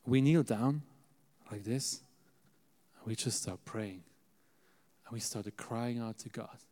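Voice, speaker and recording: A male preacher telling a story in an animated sermon, calling out to the audience for amens. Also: mid-range voice, slow pace. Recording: echoey hall.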